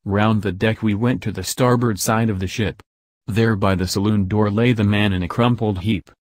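Male narrator, low, steady and measured, dry booth sound. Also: no echo. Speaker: audiobook narrator. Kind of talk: scripted narration.

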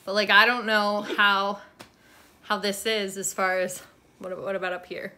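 A woman's voice: mid-range voice, little pitch movement, unhurried, bright, forceful tone. A young woman chatting casually in a vlog at a friend's home, wry and self-deprecating, filming on a handheld phone. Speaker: vlogger. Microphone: handheld phone camera.

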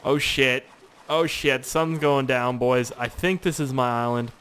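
A man's voice: medium pitch, fairly even intonation, moderate pace, fairly bright tone. Young man, let's-play commentary, rambling jokes, lots of swearing, faint background noise. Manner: joking, rambling, swears a lot. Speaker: gaming YouTuber.

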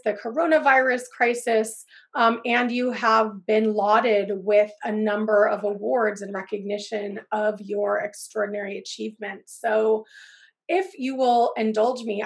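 A woman's voice: a little high, gravelly. A woman with a scratchy voice from a cold, moderating a webinar conversation on press freedom over a video call. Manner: conversational, with frequent ums and restarts.

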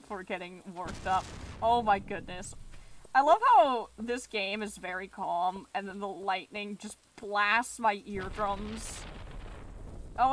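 A woman's voice: mid-range voice, slight background noise. A woman streaming a video game, chatty and self-deprecating, swearing and answering chat. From Canada. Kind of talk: casual live-stream chat.

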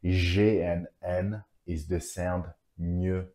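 A man teaching pronunciation, slowly and carefully modelling each word twice for learners. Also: low voice, flat delivery, dark tone. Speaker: French teacher. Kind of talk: pronunciation lesson.

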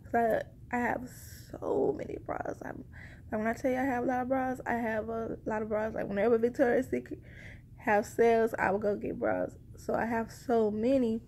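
Chatty woman with a gravelly edge. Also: a little high, flat delivery, moderate pace, darkish tone, a little hiss or hum. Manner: chatty, rambling, addresses viewers directly. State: short of breath. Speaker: vlogger sharing a pregnancy update. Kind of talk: casual chat to camera.

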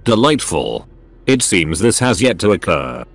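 Brief: a synthetic man reads a formal, menacing machine sorcerer in a storybook tale, low and lively in pitch. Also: measured pace, vocal fry, exaggerated voice. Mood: cold. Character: cold ancient male robot sorcerer, scheming.

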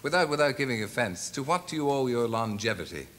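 A man's voice: mid-range voice, lively intonation, quick pace, a bit bright, a little hiss or hum. A man hosting a TV chat show, interviewing a guest with leading questions.

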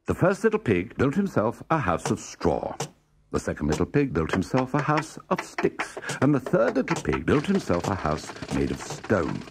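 A man narrating a children's story in an expressive, sing-song reading style. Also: on the low side, normal speed, creaky, slight background noise. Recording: music playing underneath.

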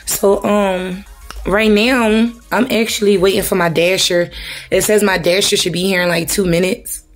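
A woman's voice: mid-range voice, steady tone, moderate pace, faint music behind. Chatty woman vlogging at home. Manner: chatty, addresses viewers as y'all. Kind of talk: casual chat to camera.

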